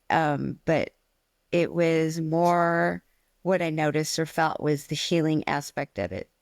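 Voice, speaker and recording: A woman co-hosting a casual podcast chat, telling animated stories about teaching stained glass classes and acting out her students' worries. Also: sits low, no echo. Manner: chatty, animated storytelling with acted-out quotes.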